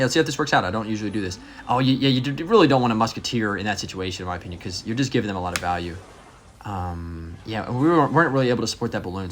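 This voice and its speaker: A man's voice: fairly low pitch, a bit bright, slight background noise. A man giving casual live commentary and coaching on a game, encouraging and full of ums and restarts. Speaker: gameplay coach.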